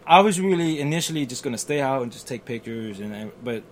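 There's a faint hiss or hum as a man talks at a quick pace in a medium pitch, sharing a personal anecdote casually. He animatedly performs the quotes of the people he mentions, with fillers and false starts along the way.

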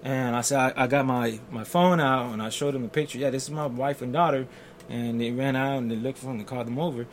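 In a quick, medium-pitched voice over a slight hiss or hum, a man casually relates a personal story. He brings the characters to life by acting out their words, animated throughout, with fillers and restarts.

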